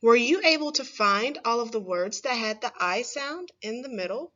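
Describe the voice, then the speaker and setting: Woman, primary teacher, fairly high voice, slow careful delivery, dull lo-fi recording. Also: animated, sharp tone. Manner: slow, clear, stressing single words for children to repeat. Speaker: first grade teacher. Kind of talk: phonics lesson for young children.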